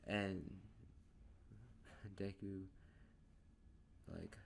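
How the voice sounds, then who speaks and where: A man casually narrating a fan story in a rambling, drawn-out way. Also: lowish voice, flat delivery, creaky, darkish tone, a little hiss or hum.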